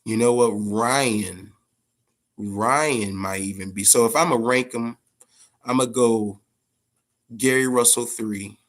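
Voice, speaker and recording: A man hosting a boxing podcast, talking casually and profanely, telling stories in an animated way with big swings in pitch. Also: takes it slowly, long pauses. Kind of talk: casual unscripted commentary.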